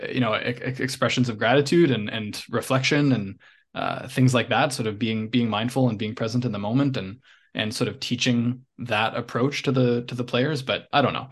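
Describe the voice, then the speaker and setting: A man's voice: medium pitch, fairly bright tone. A young adult man co-hosting a coaching podcast, talking in a reflective, hesitant way with many restarts. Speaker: podcast co-host. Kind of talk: casual chat, storytelling.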